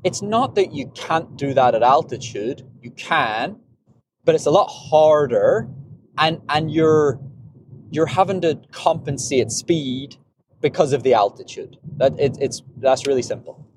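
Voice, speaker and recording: A man's voice: on the high side, expressive, a little slow, noisy background. A man hosting a podcast in a casual, rambling monologue about running, often repeating and restarting words. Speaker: podcast host, runner.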